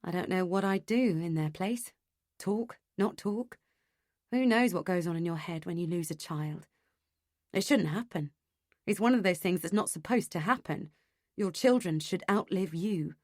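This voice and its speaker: A woman doing a calm reassuring husband. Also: fairly low pitch, normal speed, no echo, studio quality, natural voice. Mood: sombre. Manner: soothing, gently reassuring. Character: calm reassuring young husband, patient and steady.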